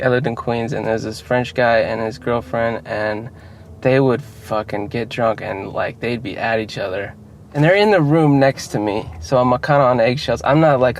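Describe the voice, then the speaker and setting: A man hosts a relaxed walking podcast at an even, middle pitch. He rambles and laughs easily as cars rush past close by. Steady road noise runs under his voice. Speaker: podcast host. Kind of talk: casual walking chat. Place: outdoors by a road.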